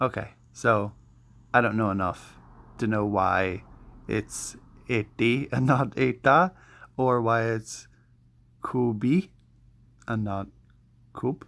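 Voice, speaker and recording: A man's voice: medium pitch, slow pace, creaky, long pauses, a bit bright. A man who walks viewers through his study tools in a chatty, self-deprecating way, often restarting his sentences. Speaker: language learner showing study tools. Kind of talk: casual vlog walkthrough.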